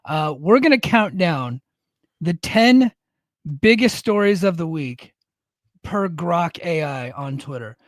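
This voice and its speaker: Male co-host, easygoing chat, slightly high voice, dry close sound. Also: animated, slow pace, no room sound. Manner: easygoing, reads out chat names. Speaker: podcast co-host; Air Force service member in leadership. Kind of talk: casual chat.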